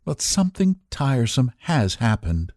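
A man putting on a soft, hesitant young wife. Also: mid-range voice, sing-song, moderate pace, no echo, studio quality, voice pushed up. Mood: worried, apologetic. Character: anxious genteel young wife, soft-spoken.

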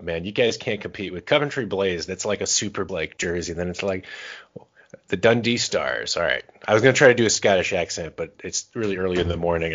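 A man's voice: deep voice, a bit bright. A man co-hosting a sports podcast, joking and bantering playfully. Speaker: podcast co-host. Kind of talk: casual sports chat. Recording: dull lo-fi podcast audio.

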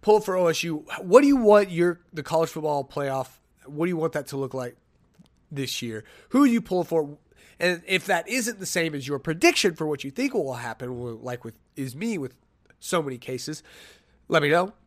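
A man hosting a solo sports podcast, chatting casually, rambling and joking at his own expense as he thinks out loud. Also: on the high side, animated, moderate pace. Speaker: podcast host.

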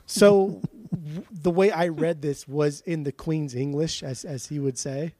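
A man's voice: fairly high pitch, fairly even intonation, unhurried, dark tone, no room sound. A man from Southern California with a Southern Californian accent, chatting casually as a podcast co-host, swearing freely and restarting his sentences. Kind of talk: casual chat.

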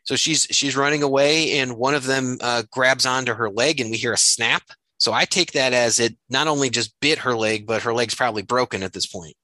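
Bright-voiced man recapping a comic. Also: mid-range voice, fairly quick, hardly any pauses, dry recording, rough recording. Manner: steady recap with frequent fillers. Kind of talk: casual chat, recapping a comic.

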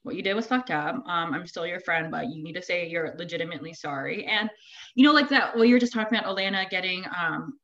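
A woman's voice: on the low side, fast, dull audio. A woman guest on a podcast, chatting animatedly from home and acting out what people said. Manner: animated, quotes people in lively bursts. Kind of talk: casual pop culture chat. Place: home with dogs nearby.

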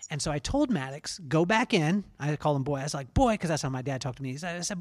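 A man's voice: fairly high pitch, fast talker, hardly any pauses. A man in his forties hosting a podcast, telling casual, self-deprecating stories with many restarts. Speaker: podcast host. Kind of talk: casual storytelling interview.

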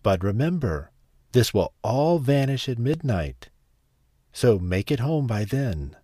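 A man voicing a kind old fairy godmother in a storybook, talking in a gentle, reassuring way. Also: mid-range voice, very animated, slow pace, dry recording, clean studio sound. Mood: kindly.

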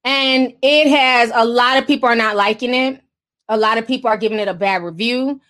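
A woman's voice: on the high side, fairly quick, a bit bright. A woman giving casual gossip commentary, blunt, sarcastic and profane. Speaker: commentary vlogger.

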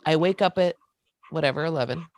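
A woman's voice: sits low, a little fast, no echo, clean studio sound. A young woman co-hosting a casual chat podcast, blunt and swearing freely as she tells stories. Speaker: podcast co-host.

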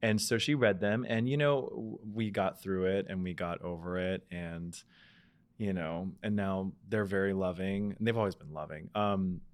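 A man in his thirties talks candidly on a podcast about his past. He is reflective, often pausing on ums, and his voice sits low. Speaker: podcast co-host. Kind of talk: casual personal storytelling.

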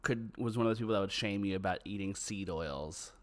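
A man's voice: low-pitched, brisk. A man co-hosting a podcast, bantering playfully and laughing often. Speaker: podcast co-host. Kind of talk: casual chat.

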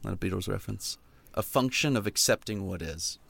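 A man's voice: low-pitched, brisk, gravelly, slight background noise. A man from California hosting a podcast, chatting playfully and improvising rap rhymes. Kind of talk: casual chat with improvised rap. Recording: loud hip hop music behind.

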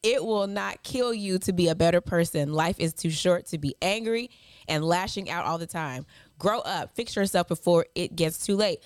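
A woman's voice: lowish voice, normal speed, clear, resonant tone, dry recording, studio quality. A woman in her thirties co-hosting a podcast. She talks in a sassy, mocking way and reads hate mail aloud, laughing as she goes. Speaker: podcast co-host. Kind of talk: casual chat.

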